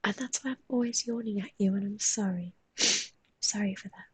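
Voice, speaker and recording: A woman talks in a soft, mostly whispered voice and yawns often as she chats with viewers on a live stream while she draws. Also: mid-range voice, brisk, breathy edge.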